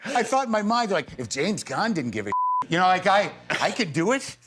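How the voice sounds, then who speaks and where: A man's voice: sits high, big pitch swings, a little fast, background noise. Middle-aged man, talk show guest, wry rambling anecdotes, self-deprecating asides. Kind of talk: casual anecdote telling.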